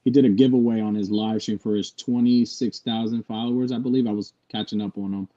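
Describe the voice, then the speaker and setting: A man's voice: lowish voice, steady tone, fast talker, a crowd in the background. A man chatting in an easygoing, rambling way during a casual live stream. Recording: dull lo-fi call audio.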